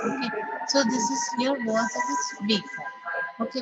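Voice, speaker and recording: A woman's voice: fairly high pitch, unhurried, over loud music, poor audio. A woman with an Indian English accent teaching an online English class. She repeats example sentences and says "okay" often. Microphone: video call. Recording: online class audio with crowd chatter behind.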